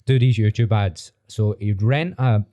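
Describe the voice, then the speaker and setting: A man's voice: on the low side, a little slow, dark tone, dry recording. A man hosting a podcast, telling stories in a blunt, slangy, casual way with a fair bit of swearing. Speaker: podcast host.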